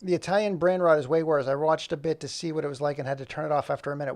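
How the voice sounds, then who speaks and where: Male streamer, slightly high pitch, rambling and self-mocking, narrating his own fumbling at the computer. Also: fairly even intonation, rapid-fire, no room sound. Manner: rambling, thinking aloud while fumbling with software. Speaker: animator streaming his work. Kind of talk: casual live-stream chat.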